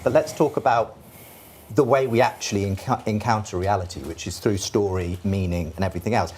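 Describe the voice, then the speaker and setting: A man on a discussion panel who speaks earnestly and reflectively, letting his voice drop softer on key words. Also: on the low side, brisk, a little hiss or hum. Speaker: Christian panelist.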